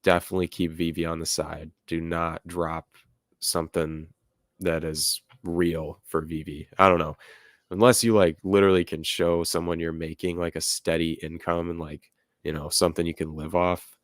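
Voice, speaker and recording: Young guy with a deep low voice, rambly livestream chat, reading comments, dry close sound. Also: level tone, moderate pace, no echo. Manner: rambling, filler-heavy, laughs at chat comments. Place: home room with music playing nearby.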